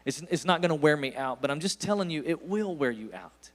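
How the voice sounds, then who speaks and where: East Tennessee-accented preacher, higher-pitched man. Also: animated, brisk. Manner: folksy storytelling, rising to emphatic bursts. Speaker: guest pastor. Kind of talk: sermon.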